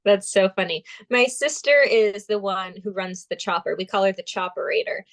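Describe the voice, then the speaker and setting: Lively young woman from Vermont telling stories. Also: medium pitch, normal speed, gravelly. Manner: animated storyteller, acts out quotes. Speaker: guest, pageant titleholder. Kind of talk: casual interview storytelling.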